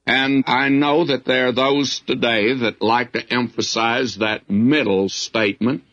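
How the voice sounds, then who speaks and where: A man's voice: medium pitch, fairly even intonation, unhurried, a bit bright, highs cut off. A man preaching a verse-by-verse sermon as a Bible teacher, in a folksy way with frequent asides.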